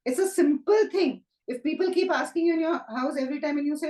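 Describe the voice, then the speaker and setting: Brief: woman, Reiki teacher, gentle rhetorical musing, slightly high voice, echoey room. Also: quick pace. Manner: gentle, reflective, asks rhetorical questions. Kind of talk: conversational talk on self-help.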